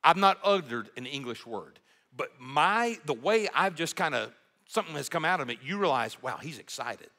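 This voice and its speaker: Guy preaching, bright voice, pitch all over the place, lots of emphasis. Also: normal speed. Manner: animated, emphatic preaching with rhetorical questions. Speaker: pastor. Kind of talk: sermon.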